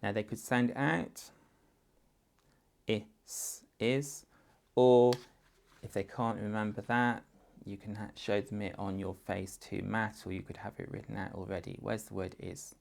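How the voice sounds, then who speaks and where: A man's voice: lowish voice, flat delivery, measured pace, creaky, darkish tone. A man with an English accent, a teacher patiently walking parents through a phonics writing exercise step by step. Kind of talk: instructional guidance for parents.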